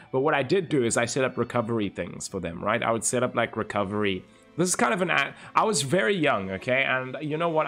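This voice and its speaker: A game streamer in his twenties chats casually on a live stream, laid-back and swearing a lot as he spins stories with quick voice impressions. His voice is medium-pitched and fairly bright.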